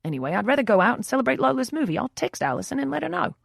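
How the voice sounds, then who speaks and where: A gentle young bookstore owner. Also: male voice, very high voice, big pitch swings, racing, gravelly, no room sound, clean studio sound, voice pushed up, heavily acted. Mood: earnest. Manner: gentle, flustered when teased. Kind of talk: audiobook dialogue.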